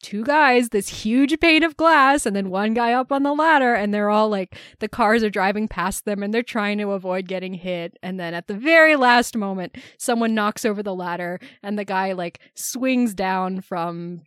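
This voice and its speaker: A woman co-hosting a podcast, retelling movie scenes in a casual, animated way and laughing often. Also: mid-range voice, moderate pace, hardly any pauses, no echo, studio quality. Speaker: podcast co-host. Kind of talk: casual film discussion.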